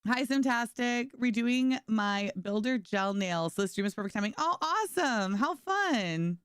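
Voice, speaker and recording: An expressive young woman streamer with a high-ish, clear, resonant and slightly bright voice speaks unhurriedly as she plays a game. She chats casually and bubbly with viewers and her dog, says "like" a lot, and the clean studio sound has no room sound.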